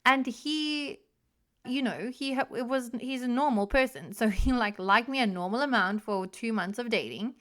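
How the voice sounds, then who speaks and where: A woman's voice: fairly high pitch, moderate pace, a bit bright. A young adult woman from South Africa hosting her own podcast, telling a personal story frankly and self-mockingly, swearing freely. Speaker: podcast host. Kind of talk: candid solo podcast storytelling.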